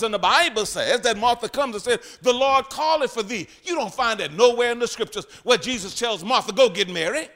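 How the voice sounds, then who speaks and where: Male pastor, high and bright, dramatic sermon delivery. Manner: preaching with sudden swings from loud to hushed, acting out Bible voices.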